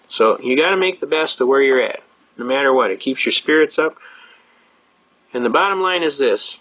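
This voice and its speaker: A man's voice: mid-range voice, animated, normal speed, bright, forceful tone, dull audio. Older man giving a folksy, emphatic lecture. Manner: conversational, emphatic, repeats himself. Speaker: seminar speaker on constitutional rights.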